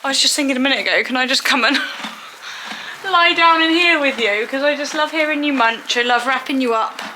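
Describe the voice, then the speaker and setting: Chatty woman with a bright voice. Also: high voice, fairly quick, slight background noise, rough recording. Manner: chatty, affectionate, talks fondly to her horse. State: emotional, near tears. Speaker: vlogger. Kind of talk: casual vlog chat. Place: outdoors and in a stable at a horse event.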